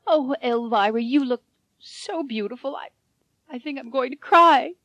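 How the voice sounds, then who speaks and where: A woman voicing a stern middle-aged head nurse who is softening. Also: mid-range voice, normal speed, no echo, lightly acted. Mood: moved.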